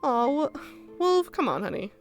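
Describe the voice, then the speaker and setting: Chatty swearing woman streamer, higher voice. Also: sing-song, normal speed, faint music behind. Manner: chatty, swears casually, addresses chat directly. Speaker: livestreamer. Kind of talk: casual chat with viewers after a roleplay session.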